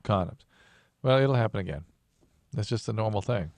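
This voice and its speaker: Gravelly man calmly explaining on radio. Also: lowish voice, normal speed, dry recording. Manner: calm, matter-of-fact, explaining. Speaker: radio show co-host giving medical advice. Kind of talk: late-night call-in radio advice. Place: radio studio. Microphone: studio microphone.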